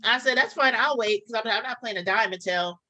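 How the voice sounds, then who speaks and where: A woman's voice: on the high side, fairly quick, bright, forceful tone, low-quality recording. A woman chatting casually, telling a story and acting out both sides of phone calls. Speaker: podcast co-host telling a story.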